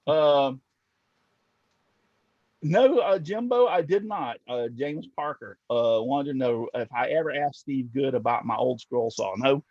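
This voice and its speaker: A man's voice: mid-range voice, a little slow, a little mellow, no echo. An older man hosting a casual livestream, telling jokes and reading comments in a folksy, chuckling way. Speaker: host. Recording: dull, dry lo-fi stream audio.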